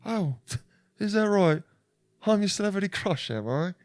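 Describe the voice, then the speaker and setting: A man's voice: high voice, expressive, unhurried, no echo, clean studio sound, voice pushed up. A man doing a suave posh British gent. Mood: flirty, smug.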